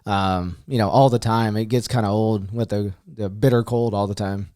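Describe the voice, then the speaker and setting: A man's voice: lowish voice, fairly even intonation, moderate pace, mellow, dry recording, studio quality. A man co-hosting a podcast, chatting in a laid-back, slangy way and laughing along. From Texas. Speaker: podcast co-host. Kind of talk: casual interview chat.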